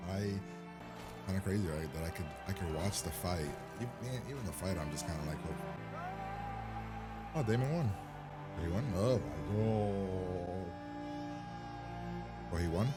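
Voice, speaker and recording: Deep-voiced man swearing at the screen. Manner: blunt, profane, incredulous questions at the screen. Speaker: reaction host. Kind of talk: casual first-time reaction to a TV episode.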